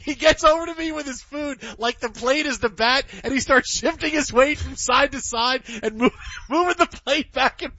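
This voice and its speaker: A man in his fifties hosting a sports radio show, telling stories in a rambling, animated way with many restarts. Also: very high-pitched, normal speed, dull audio. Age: 50s. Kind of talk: casual sports radio chat. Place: radio studio.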